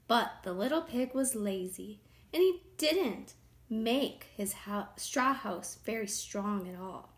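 A woman teacher reading a picture book aloud to children, animated, often dropping to soft whispers. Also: medium pitch, takes it slowly.

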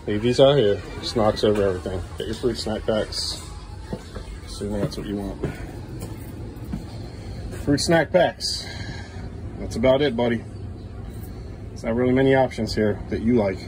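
A man's voice: on the low side, normal speed, pauses often. A man filming a casual family vlog at home, talking patiently and playfully to his young sons and coaxing them along. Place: at home, indoors. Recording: home video with clear background noise.

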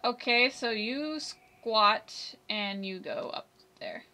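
A woman with a rather high, sharp voice does a slow, chatty let's-play, giggling and talking back to the game characters. Slight background noise can be heard.

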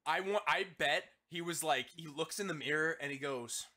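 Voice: medium pitch, normal speed, bright, forceful tone. A person in casual podcast chat who talks animatedly and laughs often.

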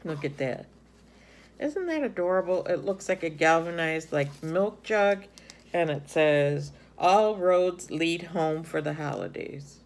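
A middle-aged woman shows off her finds in a relaxed, chatty way. Her voice sits a little low, and she gushes over each item, filling pauses with ums. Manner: chatty, gushing, many ums. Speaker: haul vlogger. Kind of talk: casual show-and-tell chat.

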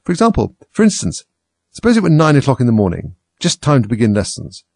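A man voicing a mad, excitable and contemptuous male hatter in a storybook reading. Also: medium pitch, quick pace, vocal fry, dry recording, clean studio sound, voice pushed up, heavily acted. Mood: lecturing.

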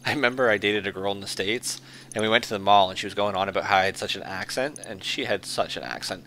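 Easygoing streamer with noisy game audio. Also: male voice, on the low side, quick pace, a bit bright. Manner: easygoing, joking, reading out chat. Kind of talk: casual live-stream chat over gameplay.

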